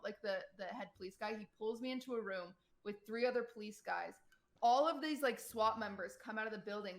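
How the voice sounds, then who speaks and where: A young woman streamer telling a personal story to her chat in a casual, animated way, full of fillers and quoted voices. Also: mid-range voice. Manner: animated retelling, quotes people, many "like" fillers.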